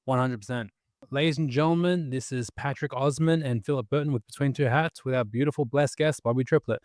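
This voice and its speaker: A man's voice: mid-range voice, brisk, darkish tone, no room sound. Australian man co-hosting, dry close mic. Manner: blunt, joking, swears casually. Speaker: podcast co-host. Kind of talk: casual podcast chat.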